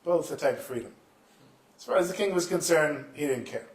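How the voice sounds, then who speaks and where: A man telling Hasidic stories to a live festival audience with a somewhat high voice. He switches into the characters and sometimes bursts into shouted lines. The sound carries a roomy echo. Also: lively intonation, a little fast. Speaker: storyteller.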